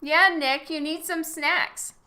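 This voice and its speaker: A woman's voice: sits high, fairly even intonation, takes it slowly, sharp tone, echoey room. A woman chatting casually with her live-stream audience while she works, laughing often and reacting to messages. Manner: giggly, reacts to chat with frequent laughter. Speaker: livestreaming artist.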